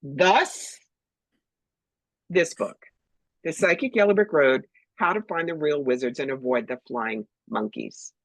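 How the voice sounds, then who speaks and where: امرأة مسنّة من نيويورك بصوت أجشّ، تتحدث بصراحة وحيوية كضيفة في مقابلة، في تسجيل جاف قريب. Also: female voice, sits low, unhurried, long pauses, no echo, low-quality recording. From New York. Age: older. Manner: blunt, animated, acts out voices. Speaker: psychic medium, guest. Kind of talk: storytelling interview talk.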